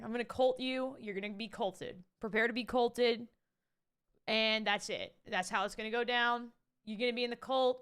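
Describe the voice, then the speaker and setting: A young woman streaming live, chatting and ranting to her viewers in an animated way, swearing casually. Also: fairly high pitch, clean tone. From Canada. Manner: animated, ranty, swears casually, talks to chat.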